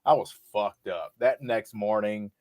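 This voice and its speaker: A man co-hosting a casual podcast, telling a rowdy story with lots of swearing and laughter, and loudly acting out the other people's lines. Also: on the low side, unhurried. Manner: profane, laughing, acts out quotes loudly. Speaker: podcast co-host. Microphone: podcast mic.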